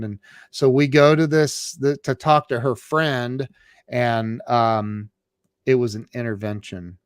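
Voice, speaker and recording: A man from the United States tells a long personal story over a call, halting and restarting often. His pitch sits in the middle for a man. The sound is very dry and close. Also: steady tone, clean tone, dry recording. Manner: halting, many restarts and fillers. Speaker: guest. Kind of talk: storytelling in an interview. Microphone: remote call.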